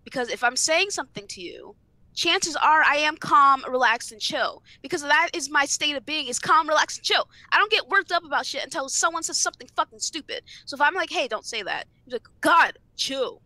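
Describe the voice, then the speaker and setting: Animated ranting young woman. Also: high-pitched, brisk, no room sound. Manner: animated ranting, swearing freely. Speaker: podcast co-host. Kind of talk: casual podcast chat.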